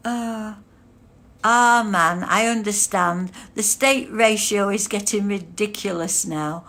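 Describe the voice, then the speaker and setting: A woman's voice: mid-range voice, expressive, very slow, a bit bright. An older woman chatting casually on a livestream, reading out chat comments and laughing constantly. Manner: giggly, breaks into frequent laughter.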